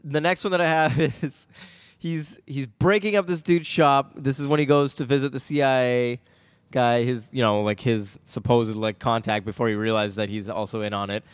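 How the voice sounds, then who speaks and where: A man's voice: mid-range voice, fairly even intonation, moderate pace, clear, resonant tone, no echo. A man co-hosting a casual chat, recapping a movie with lots of laughter and quoted lines. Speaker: podcast co-host.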